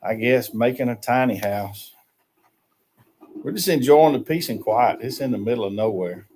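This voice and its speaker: A man's voice: mid-range voice, animated, moderate pace, darkish tone, slight background noise. Guy doing a chill coffee chat stream, laughs a lot, says hey to folks. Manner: easygoing, laughs often, greets viewers by name. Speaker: livestream host. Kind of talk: casual morning chat. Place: small shed used as a tiny house.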